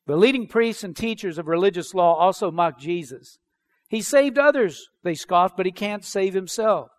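A man's voice: high-pitched, expressive, normal speed. A man preaching a sermon as pastor, reading scripture aloud and then explaining it with emphatic questions.

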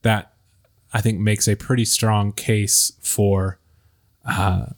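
A man hosting a casual Bible study podcast, talking in a hesitant way with many pauses and fillers. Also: on the low side, little pitch movement. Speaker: podcast host leading discussion.

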